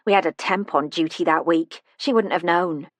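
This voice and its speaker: A woman's voice: lowish voice, moderate pace, no echo, close to an everyday voice. Woman voicing a chatty care-home staffer.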